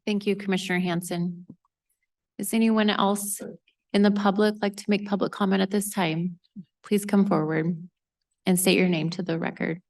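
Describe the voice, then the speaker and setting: A woman's voice: medium pitch, steady tone, normal speed, a little mellow. Woman chairing a public meeting. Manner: brief formal procedural phrasing. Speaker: board chair. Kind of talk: formal meeting procedure.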